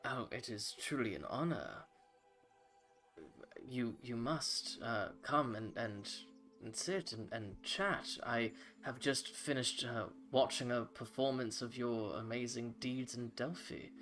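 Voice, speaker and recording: A man voicing a soft-spoken, formal female elf high priestess. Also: slow pace, faint music behind. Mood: hushed formal. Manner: hushed, formal.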